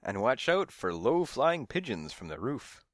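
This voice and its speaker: A man's voice: mid-range voice, very animated, measured pace, a bit bright, no room sound, studio quality. A man voicing a nosy, fussy old woman who scolds and gossips from her windowsill in a storybook reading. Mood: gossipy. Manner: fussy, scolding, hard of hearing.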